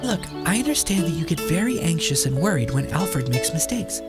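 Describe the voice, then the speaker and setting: A woman plays a soothing, reassuring friend in an animated clip, her voice rising and falling in lively swoops. Loud music plays right under her lines. She speaks softly and gently. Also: sits low, fairly quick. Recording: music playing loudly underneath.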